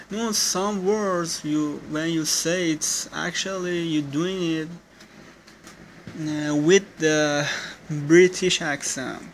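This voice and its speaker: Man, informal feedback giver, non-native English phrasing, unhurried, halting, constant self-corrections, faint noise behind. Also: on the high side, rough recording. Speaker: listener giving speaking feedback. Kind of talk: casual recorded voice feedback.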